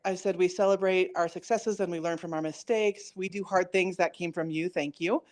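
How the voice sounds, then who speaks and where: A woman's voice: lowish voice, fairly even intonation, normal speed, a little mellow. A woman chatting casually as a coaching client, telling a story and quoting herself and her son. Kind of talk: casual conversation.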